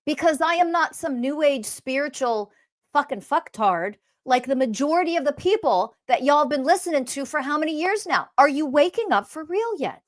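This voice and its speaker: A woman hosting her own podcast, ranting bluntly and profanely about spirituality, swinging between loud outbursts and quiet, calm stretches. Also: high voice, a little slow. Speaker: podcast host and spiritual teacher. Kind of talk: impassioned podcast rant.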